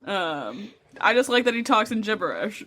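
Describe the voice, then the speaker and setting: Podcast co-host lady, bright sharp voice, easygoing and upbeat. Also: medium pitch, very animated, moderate pace. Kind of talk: casual podcast chat.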